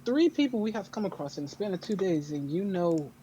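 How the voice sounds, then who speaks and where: A man's voice: high voice, sing-song, fairly quick, mellow, muffled recording, slight background noise. A man playing a tabletop game, joking in character in a drawling way. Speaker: tabletop player. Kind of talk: casual in-character tabletop role-play.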